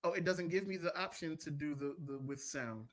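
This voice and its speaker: A man's voice: on the high side, a little fast. A man co-hosting a casual talk show, joking and apologizing through technical trouble. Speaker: podcast co-host. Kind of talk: casual chat.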